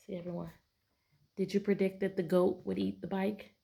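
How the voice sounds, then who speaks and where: A woman teacher reading a picture book aloud to children, often stopping to ask questions and giving the narration bright storybook emphasis. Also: medium pitch, flat delivery, moderate pace, gravelly.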